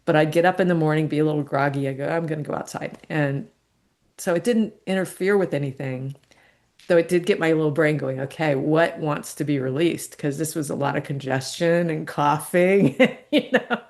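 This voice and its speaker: A middle-aged woman, a podcast guest, telling a personal story in a candid, reflective way and laughing softly between thoughts. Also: deep voice, normal speed.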